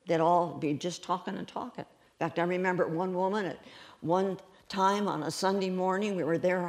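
A woman with a gravelly, creaky voice preaches a sermon. She tells her stories in an animated way and breaks into laughter often as she goes. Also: on the low side. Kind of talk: sermon storytelling.

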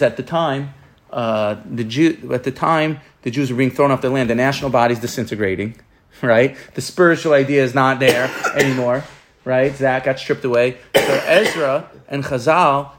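A man's voice: mid-range voice, moderate pace. A man giving an informal Torah class, rambling and often restarting and repeating his words. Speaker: Torah teacher.

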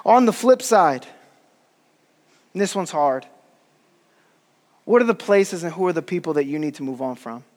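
A man's voice: fairly high pitch, expressive, normal speed, pauses often, a little mellow. A man preaching a sermon in a casual, slangy, earnest way. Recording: long hall reverb.

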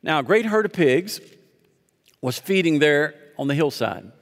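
A man's voice: a little high, sing-song, a little slow. A man preaching a sermon as pastor, reading scripture aloud and leading the congregation in call-and-response with joking asides. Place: church sanctuary. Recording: long reverb of a large hall.

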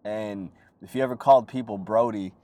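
A man's voice: lowish voice, fairly quick. Profane rambling young man hosting a show. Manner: profane, rambling, animated impressions. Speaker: podcast host. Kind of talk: crude comedic monologue.

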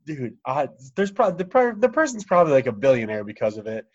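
Man, medium pitch, casual joking chat, swears, muffled lo-fi recording. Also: very animated, fairly quick. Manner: joking, profane, laughs through stories. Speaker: podcast co-host. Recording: dull lo-fi audio.

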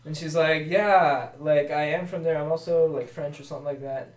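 A man's voice: a little high, steady tone, moderate pace. Young man, podcast guest, casual storytelling, acts out dialogue, echoey room. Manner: rambling storyteller who acts out quoted dialogue. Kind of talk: casual chat. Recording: echoey room, mic at a distance.

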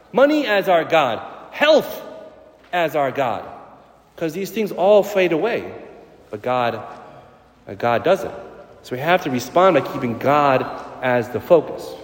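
A priest giving a sermon, animated, with sudden loud, high bursts of emphasis. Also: male voice. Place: church. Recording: echoey church with long reverb.

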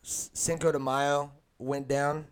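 A man hosting a podcast in casual chat, rambling and joking, quick to laugh. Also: fairly high pitch, little pitch movement, clean tone. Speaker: podcast host.

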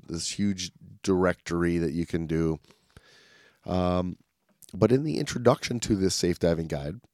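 A man's voice: low voice, a little mellow, no room sound, clean studio sound. A man co-hosting a podcast in casual chat, rambling and upbeat with lots of fillers and restarts. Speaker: podcast co-host.

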